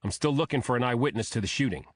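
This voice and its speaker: A man's voice: medium pitch, lightly acted. A man voicing a terse male Secret Service agent in an audiobook thriller. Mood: brisk. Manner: clipped, brisk.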